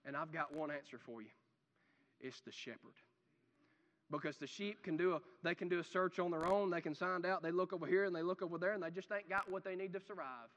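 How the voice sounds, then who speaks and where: Bright-voiced preacher in an echoing church. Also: male voice, high voice. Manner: dramatic swings from loud declaring to hushed, drawn-out phrases. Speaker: pastor. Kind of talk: sermon. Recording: long reverb of a church hall.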